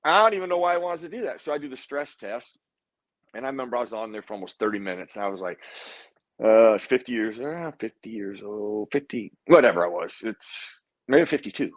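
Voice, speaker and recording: A man's voice: fairly low pitch, a little fast, no echo. A man, a guest in a casual interview, telling a personal story and acting out what other people said. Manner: animated storyteller who acts out other people's lines.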